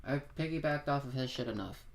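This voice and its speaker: A woman's voice: rumbling low, a little fast. A woman streamer talking casually, muttering, swearing and thinking aloud as she searches. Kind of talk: casual live-stream commentary.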